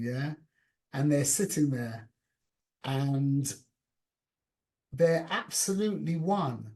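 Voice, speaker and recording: A man with a fairly high-pitched voice teaches an informal class over a call. He talks in an animated, conversational way. He restarts his sentences often and mixes in Yiddish and Hebrew words.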